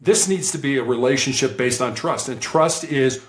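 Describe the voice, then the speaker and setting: Animated man in a roomy space. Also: medium pitch, moderate pace. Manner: animated, acts out quoted voices. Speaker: guest, former hostage negotiator. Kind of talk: conversational interview storytelling.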